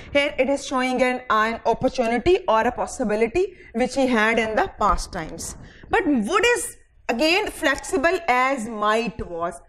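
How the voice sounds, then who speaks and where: A woman's voice: high-pitched, slight background noise, rough recording. A woman teaching English grammar in a recorded lecture, dictating example sentences word by word and checking in with "fine" between points, with a Pakistani English accent.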